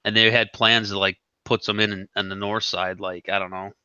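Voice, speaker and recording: A man's voice: lowish voice, flat delivery, a little fast, pushed and bright, clear, resonant tone, dry recording. A man hosting a casual chat, telling a rambling, profane story. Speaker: podcast host. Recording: dull lo-fi sound.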